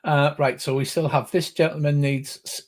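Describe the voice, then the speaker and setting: An older man acting as game master, narrating a tabletop game with a relaxed, wry manner and small hesitations. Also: fairly high pitch, moderate pace.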